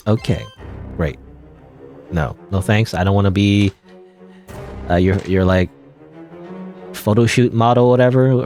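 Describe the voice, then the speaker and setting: A man's voice: lowish voice, a little slow, long pauses, a little mellow, faint music behind. A man giving casual gameplay commentary, rambling and chuckling as he thinks aloud. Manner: rambling, chuckling, self-interrupting. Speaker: let's play gamer.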